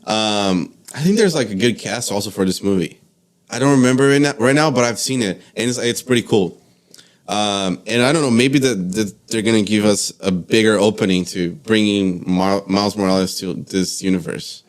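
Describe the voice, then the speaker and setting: A man's voice: fairly low pitch, normal speed. A man co-hosting a podcast in casual chat, hesitant, often repeating words and saying "like". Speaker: podcast co-host.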